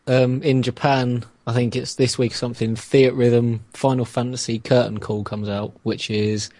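A man co-hosting a gaming podcast in casual chat, hesitant with many pauses and ums. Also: mid-range voice, flat delivery, a little mellow, dry recording. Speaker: podcast co-host.

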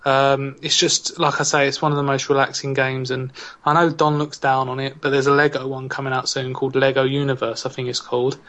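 A British man hosts a casual podcast, joking and teasing his co-hosts in jokey banter. His voice is mid-range, level, brisk, and fairly bright, with the highs cut off.

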